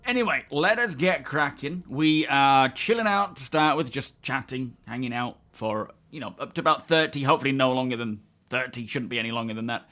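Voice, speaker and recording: A man's voice: mid-range voice, animated, a little fast, hardly any pauses, pushed and bright. A young man streaming a game, chatting casually and greeting his viewers by name. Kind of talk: casual live-stream chat.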